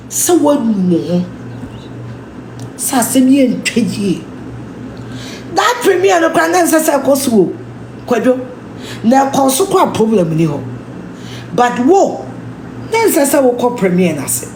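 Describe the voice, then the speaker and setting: Woman, Ghanaian accent, scolding rant, high voice, slow, roomy echo with faint ambience. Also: very animated, darkish tone, slight background noise. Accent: Ghanaian English, mixing in Twi. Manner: scolding, emphatic, repeats herself. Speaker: commentator. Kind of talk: ranting social media commentary.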